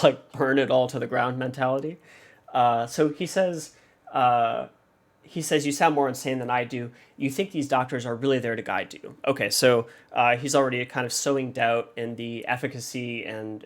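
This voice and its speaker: A man analyzing a song for his reaction video, his voice carrying a gravelly rasp. He thinks aloud at a mid pitch, pausing often and filling gaps as he works out ideas. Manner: hesitant, thinking aloud, many fillers. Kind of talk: casual music analysis.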